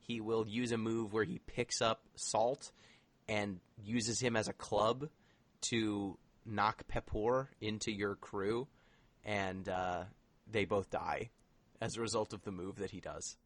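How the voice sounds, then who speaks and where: A man's voice: lowish voice, steady tone, takes it slowly, dry recording. A man co-hosting a casual podcast chat, explaining things at length with lots of filler words. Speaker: podcast co-host.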